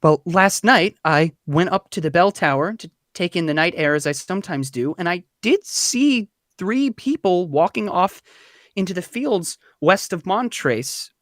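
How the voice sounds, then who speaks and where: A man's voice: sits high, lively intonation, a little slow, fairly bright tone, no room sound, clean studio sound, voice pushed up. A man voicing a nervous townswoman in a tabletop game, stammering and fretful. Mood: earnest. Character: flustered nervous woman townsfolk.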